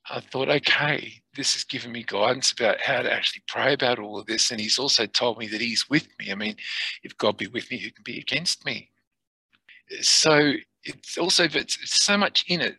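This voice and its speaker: A middle-aged man telling a personal spiritual testimony in an earnest, halting way, sometimes dropping to near whispers. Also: medium pitch, vocal fry, bright, forceful tone, slightly rough, no room sound, rough recording. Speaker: testimony speaker.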